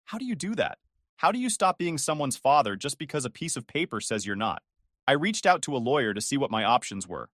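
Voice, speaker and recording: A man's voice: medium pitch, big pitch swings, a little fast, fairly bright tone, dry recording, clean studio sound. Man narrating a bitter first-person story.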